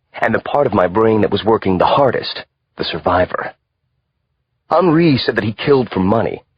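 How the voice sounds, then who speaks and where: A man reading a thriller audiobook aloud in a measured, expressive way. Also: on the low side, breathy edge, dry recording, dull audio. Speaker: audiobook narrator. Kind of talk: scripted narration.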